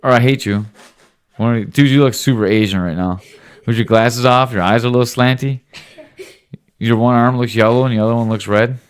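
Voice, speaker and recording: A man's voice: medium pitch, fairly even intonation, fairly quick, smooth. A man talking casually as a father hosting a home podcast with his son, teasing and joking with him. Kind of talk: casual late-night chat.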